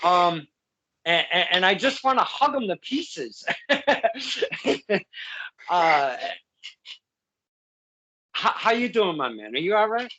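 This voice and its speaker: A man's voice: high voice, big pitch swings, slow, pauses often, pushed and bright, dull audio. A man hosting a casual interview, effusive and heartfelt, rambling with many restarts. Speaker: podcast host.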